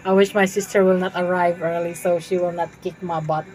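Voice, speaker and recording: A woman's voice: fairly low pitch, flat delivery, brisk, darkish tone, soft background music, low-quality recording. A woman streaming a game from her room at home, chatting with viewers and laughing often. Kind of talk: live gameplay stream chat.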